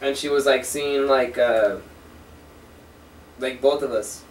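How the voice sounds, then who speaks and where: Speaking slowly in a mid-range voice, a twenty-something co-host tells meandering, foul-mouthed stories during a casual chat with a friend, animated as he retells them. The audio comes from a distance in an echoey room, with faint hiss.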